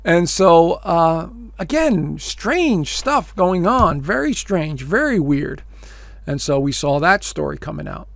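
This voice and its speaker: A man's voice: fairly high pitch, sing-song, slow, gravelly, no room sound. A man hosting his own astrology video show, giving casual, emphatic commentary straight to his viewers with plenty of fillers and repeated phrases. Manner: emphatic, addresses listeners as folks.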